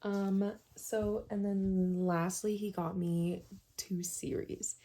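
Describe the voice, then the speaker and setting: Soft-spoken young woman with gravelly fry. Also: medium pitch, little pitch movement, takes it slowly, low-quality recording. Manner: soft-spoken, often drops to a whisper, filler-heavy. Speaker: book vlogger. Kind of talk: casual reading vlog chat.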